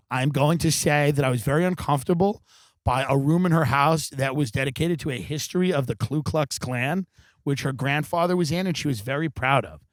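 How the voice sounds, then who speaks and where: A man doing a comedic monologue rant, sardonic and theatrical, with plenty of swearing. His voice sits a bit high for a man, close and dry on the mic. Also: normal speed, dry recording. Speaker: podcast host. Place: backyard of a rental house. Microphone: studio microphone.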